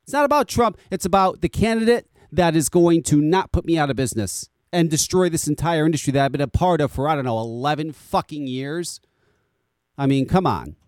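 A man's voice: on the high side, fairly quick, no room sound, studio quality. An American man hosting a podcast, ranting casually with frequent swearing and repeated words. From United States. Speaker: podcast host.

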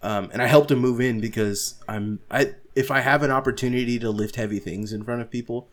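A man's voice: mid-range voice, steady tone, fairly quick. Laughing young man telling a story. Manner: storytelling, laughs often, swears casually. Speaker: podcast host. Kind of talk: casual chat.

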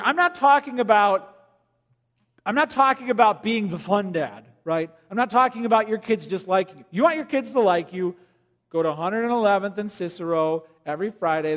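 A man preaching a sermon as pastor in a church, animated and joking with the congregation, now and then acting out quoted voices. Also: high voice. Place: church auditorium. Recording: long hall reverb.

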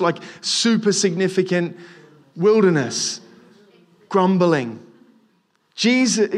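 Casual, halting young male preacher. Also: high voice. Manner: conversational, repeats words and restarts, addresses the listeners as guys. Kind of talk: casual sermon.

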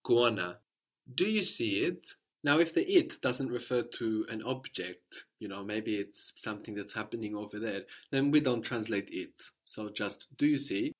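A man's voice: fairly low pitch, moderate pace. A man teaching a language lesson, patiently explaining step by step and modeling phrases for a learner to repeat.

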